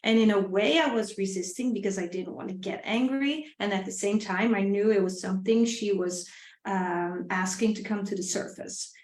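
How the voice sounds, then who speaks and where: A middle-aged woman telling a personal story on a live stream, earnest and reflective, often repeating her phrases and sometimes dropping to a soft, quiet voice. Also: medium pitch, normal speed. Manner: drops to a soft, quiet voice at times. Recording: roomy echo.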